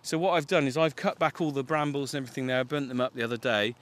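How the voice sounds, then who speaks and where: A man's voice: mid-range voice, rapid-fire, a bit bright. A man, a farmer, chatting casually and explaining things while walking his farm outdoors. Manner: chatty, explanatory, with filler words. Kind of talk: casual chat on a farm walk.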